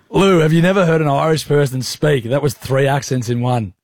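A man's voice: fairly high pitch, slight background noise. A man co-hosting a radio show, teasing his co-host in casual banter. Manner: joking, teasing.

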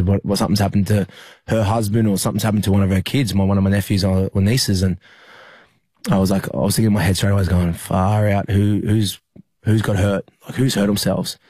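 A young Australian rugby league player recounts a personal story in an interview, halting with lots of fillers and restarts. His voice sits low with a warm, slightly rough tone, and there's no echo.

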